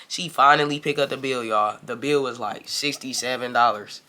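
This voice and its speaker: A man telling a casual, profane storytime to his viewers, talking straight to them as y'all. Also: moderate pace. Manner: animated, profane, keeps addressing the audience as y'all; gets louder and higher when irritated.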